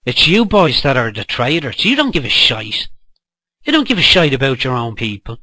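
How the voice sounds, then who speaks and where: A man's voice: mid-range voice, big pitch swings, normal speed, bright, forceful tone, no echo, low-quality recording. A middle-aged man with an Irish accent, ranting angrily to camera in a heated, profane, scolding way. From Ireland. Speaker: political vlogger. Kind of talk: angry rant to camera.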